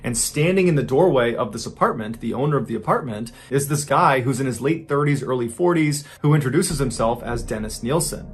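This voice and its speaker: A man's voice: medium pitch, lively intonation, a little fast, hardly any pauses, husky. A man hosting a show, retelling a true crime story in a plain conversational way, with the odd spoken filler.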